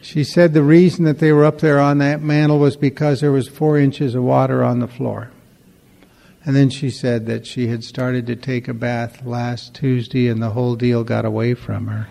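Gravelly man telling recovery stories. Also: mid-range voice, little pitch movement, moderate pace, mellow, long reverb tail. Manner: conversational, acts out dialogue, wry humor. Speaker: recovery meeting speaker. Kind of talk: storytelling talk to a recovery meeting.

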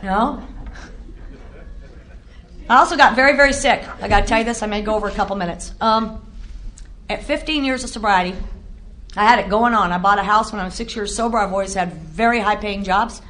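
A woman's voice: medium pitch, brisk, pauses often, a bit bright. A middle-aged woman giving a candid, self-mocking personal testimony at a recovery meeting, often laughing at herself.

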